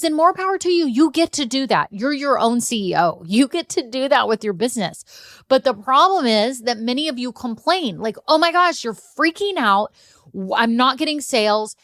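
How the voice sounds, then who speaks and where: A middle-aged woman hosts a solo coaching podcast, speaking with the direct, encouraging style of a business coach. Her voice is a little high, picked up on a close mic in a dry recording.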